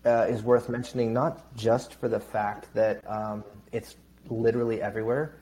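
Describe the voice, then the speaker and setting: Regular-pitched guy co-hosting a chat show, teasing, lots of ums and restarts. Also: flat delivery, a little mellow. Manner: teasing, halting, many fillers. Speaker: podcast co-host. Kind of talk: casual chat.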